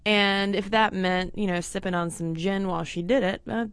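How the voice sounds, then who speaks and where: A woman's voice: medium pitch, steady tone, moderate pace, clean tone, no echo. A woman co-hosting a casual history podcast, laughing easily and thinking aloud with fillers. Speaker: podcast co-host.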